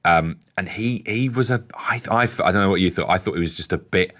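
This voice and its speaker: A man's voice: low voice, a little fast, a bit bright. A male radio presenter hosting a live interview, chatty, laughing easily and often restarting his sentences.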